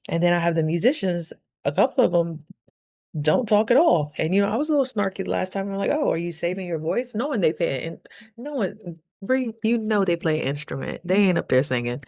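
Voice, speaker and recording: A woman's voice: lowish voice, expressive, a little fast, a little mellow. A woman talking casually to camera in a vlog, candid and chatty, giving motivational advice. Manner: candid, chatty, motivational, lots of "you know". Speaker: vlogger.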